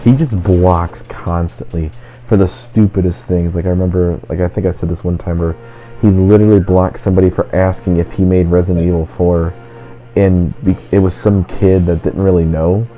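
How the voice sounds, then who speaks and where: A man with a very low, deep voice talks through a game session in loose, rambling chat, leaning on "like" in nearly every phrase. The recording is dull and lo-fi, with faint game music underneath. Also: steady tone, normal speed. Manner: rambling, constant "like" fillers. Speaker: let's play host. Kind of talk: casual gaming chat.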